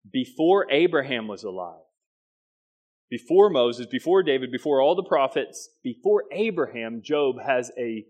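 A pastor preaching a sermon, with emphatic stressed phrases and quick asides. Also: male voice, mid-range voice.

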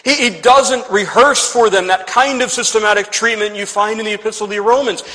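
A man preaching a sermon with pointed emphasis, swelling on key phrases and dropping to quiet endings. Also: high voice, steady tone, fairly quick, few pauses, big-room sound, poor audio. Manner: pointed, rising and falling emphasis, trailing off to quiet ends.

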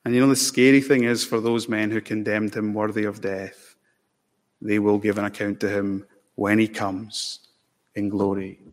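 A man preaching a sermon in a church, dramatic and impassioned, rising to emphatic peaks and slowing into solemn stretches. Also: on the low side, flat delivery. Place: church sanctuary. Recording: long hall reverb.

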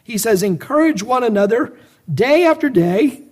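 A man's voice: very high-pitched, animated, moderate pace, a little mellow. A man preaching a sermon, pressing his listeners with a string of searching rhetorical questions and earnest exhortations.

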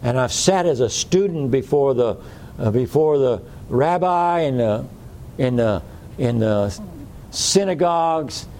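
A man's voice: mid-range voice, expressive, a little slow, dark tone, slight background noise. A man preaching a sermon in a folksy way, repeating phrases for emphasis.

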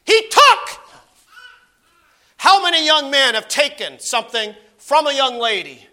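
A man preaching a sermon, moving between emphatic exclamations and quiet asides, and reading scripture aloud in slow measured phrases. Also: extremely high pitch, sing-song. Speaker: pastor. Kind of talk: expository sermon.

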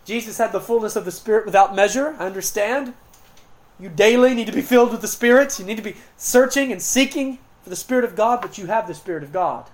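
A woman preacher delivering a sermon, slowing down to stress key words and swinging between loud emphasis and quiet, hushed passages. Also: mid-range voice.

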